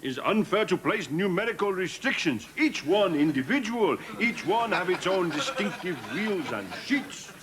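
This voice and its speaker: An actor playing an earnest, politically correct Native American sidekick who speaks in clipped broken English. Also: male voice, sits high, sing-song, normal speed, hardly any pauses, a crowd in the background. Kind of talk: sketch comedy acting.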